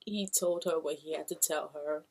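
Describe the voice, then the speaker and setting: A woman's voice: sits low, steady tone, normal speed, darkish tone. A young woman from Brooklyn, casually telling a personal story to camera and acting out what people said. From Brooklyn, New York. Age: young adult. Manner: casual, acts out quoted voices. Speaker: vlogger.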